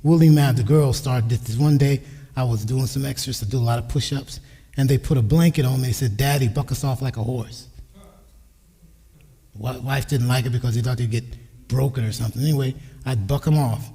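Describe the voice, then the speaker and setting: This sixty-something church speaker talks briskly about raising children, with a mid-range, warm voice that's steady in tone and slightly breathy. He tells family anecdotes and quotes his relatives himself, his words echoing through the sanctuary.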